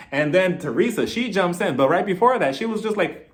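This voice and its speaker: Animated gossipy man recapping reality TV. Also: sits high, a little fast. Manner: animated, gossipy, laughs often. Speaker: TV show reviewer. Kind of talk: casual recap commentary.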